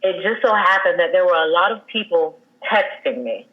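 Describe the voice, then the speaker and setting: A woman in her thirties, a guest telling her own story in a candid, halting way, with many fillers and restarts. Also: on the low side, animated, phone-quality sound. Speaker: guest sharing a personal loss story.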